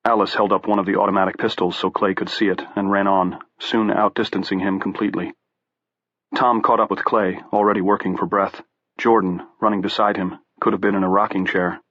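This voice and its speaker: Low-voiced male audiobook narrator, dry and dull. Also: little pitch movement, a little fast, a bit bright, dry recording. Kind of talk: scripted narration.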